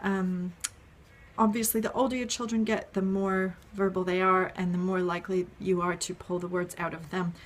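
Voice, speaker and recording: A woman's voice: lowish voice, flat delivery, moderate pace. A woman explaining an idea in a casual video, step by step, with frequent ums and "right?" checks. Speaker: parenting educator.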